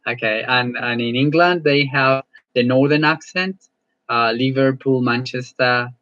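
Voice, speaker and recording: A male English teacher chatting casually as he closes an online class, friendly and halting, often repeating words. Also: medium pitch, fairly even intonation, fairly bright tone, no room sound, highs cut off.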